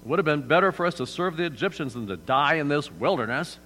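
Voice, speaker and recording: A man voicing a frightened, complaining crowd of Israelites in a sermon, with a shrill, accusing outcry. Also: lively intonation, fast, pushed and bright. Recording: hall reverb, faint mains hum.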